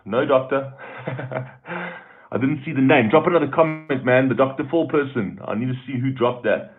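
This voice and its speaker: A man's voice: mid-range voice, brisk. A man with a South African accent hosting a casual live stream, chatting loosely and greeting viewers by name as he reads their comments. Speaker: YouTube host reading live chat. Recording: tinny phone-like audio.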